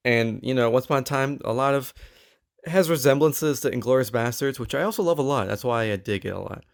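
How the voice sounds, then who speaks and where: A man co-hosting a podcast in casual chat, animated and stammering with quick asides. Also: mid-range voice, vocal fry. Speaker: podcast co-host.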